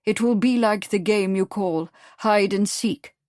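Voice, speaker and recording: A woman's voice: medium pitch, a little slow, dry recording, studio quality, natural voice. A woman reading the lines of a cold, mocking male Russian secret police agent in an audiobook. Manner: calm, sneering, clipped.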